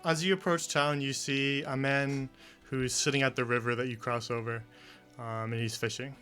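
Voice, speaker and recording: A man running a tabletop game, narrating in a relaxed, unhurried way with small pauses. His pitch is medium. Soft music plays in the background. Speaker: game master.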